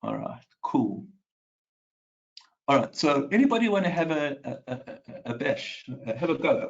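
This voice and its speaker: A man's voice: medium pitch, sing-song, measured pace, gravelly, lo-fi sound. A man hosting live market commentary from his home office, talking casually with many fillers and restarts and putting questions to his viewers. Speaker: market analyst host.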